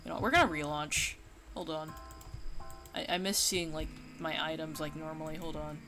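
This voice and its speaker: A woman's voice: sits low, moderate pace. A woman streaming a game, chatting casually and rambling with lots of fillers, now and then yelping at the game. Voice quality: worries her voice sounds nasal. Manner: rambling, filler-heavy, breaks into yelps at the game. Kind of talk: casual gaming stream chat. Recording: game music playing behind.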